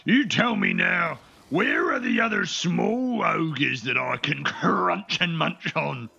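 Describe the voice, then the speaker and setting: A man voicing a slow, hungry brute of an ogre. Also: a little high, huge pitch swings, creaky, pushed and bright, slightly rough, muffled recording, voice pushed up, exaggerated voice. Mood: menacing. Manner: slow, menacing, drawn-out words. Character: dim-witted hungry male ogre.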